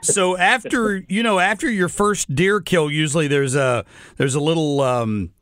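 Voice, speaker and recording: A man's voice: on the high side, normal speed, fairly bright tone, no echo. Dry-sounding male podcast host. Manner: friendly, encouraging reactions. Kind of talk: casual interview chat.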